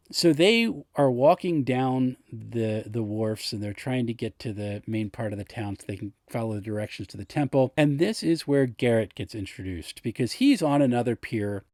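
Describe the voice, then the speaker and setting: A man's voice: mid-range voice, a little mellow, dry recording, studio quality. A man, the game master, animatedly recounting a tabletop game session and acting out voices. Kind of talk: storytelling recap of a tabletop game.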